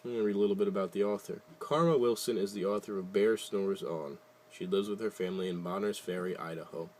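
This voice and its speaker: A man's voice: low-pitched, fast, darkish tone, slight background noise. A man casually reading a picture book aloud, adding wry, jokey asides and loosely retelling the story. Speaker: reader.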